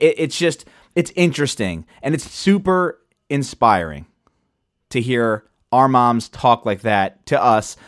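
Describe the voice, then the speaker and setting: A man hosts his podcast in a loose, chatty manner while sipping wine, his voice swinging freely up and down. The sound is dry and close with no room around it. His pitch sits in an ordinary middle range. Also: no echo. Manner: animated, chatty, loose and profane. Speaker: podcast host. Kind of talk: casual chat.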